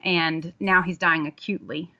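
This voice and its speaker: A woman's voice: on the low side, fairly even intonation, moderate pace, sharp tone, dull audio. A woman who works as an ER nurse, a guest on a podcast, telling a patient story in an earnest, reflective way. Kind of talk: conversational interview.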